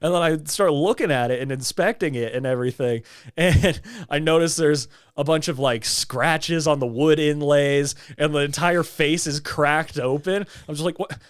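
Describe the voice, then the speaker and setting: Animated man telling a story. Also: a little high, moderate pace, clean tone. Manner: animated storytelling, swearing, laughing often. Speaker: podcast co-host. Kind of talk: casual podcast chat.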